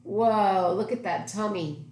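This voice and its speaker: A woman reading a picture book aloud to children, animated and exclaiming as she points out the pictures. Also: mid-range voice, slow. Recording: echoey room with faint noise.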